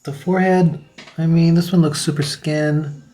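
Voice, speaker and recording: A man's voice: fairly high pitch, fairly even intonation, normal speed, dark tone. Chatty young man filming a makeup tutorial. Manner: chatty, upbeat, drops to whispers while applying. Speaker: beauty vlogger. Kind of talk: casual makeup tutorial chat.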